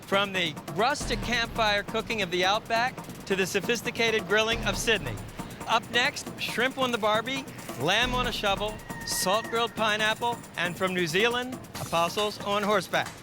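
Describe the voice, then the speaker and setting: A middle-aged man hosting a TV cooking show, delivering punchy scripted lines and measured step-by-step instructions. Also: high voice. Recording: broadcast audio with music bed.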